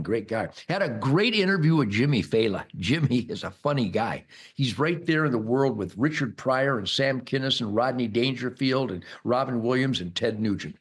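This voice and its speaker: An older American man hosting a rambling, mocking political monologue, bombastic and loud, with sudden high-pitched outbursts. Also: breathy edge. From United States. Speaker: host.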